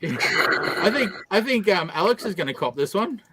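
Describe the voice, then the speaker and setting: High-voiced laid-back host. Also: male voice, very animated, normal speed, sharp tone, slight background noise. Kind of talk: casual hosting.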